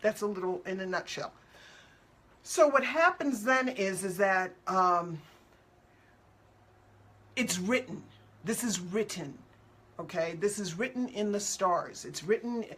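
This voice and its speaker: A woman's voice: mid-range voice, expressive, slow, pauses often, a bit bright, husky. A woman hosting a show as an animal communicator, chatting casually and upbeat with viewers, answering their questions in loose, repetitive phrasing and acting out quotes playfully.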